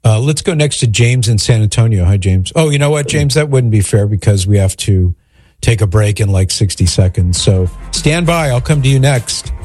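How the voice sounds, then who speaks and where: A man with a somewhat low voice hosts a call-in radio show. He asks earnest questions in fits and starts, often restarting mid-sentence. The sound is close and dry. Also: animated, moderate pace, darkish tone, no echo, faint music behind.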